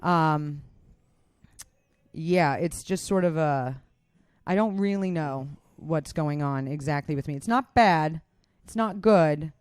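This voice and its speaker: A woman's voice: low-pitched, takes it slowly, darkish tone, smooth, dry recording. A woman co-hosting a podcast, chatting casually and candidly, swearing freely and poking fun at herself. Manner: chatty, swearing, self-deprecating. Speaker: podcast co-host; comedian. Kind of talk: casual chat. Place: indoors.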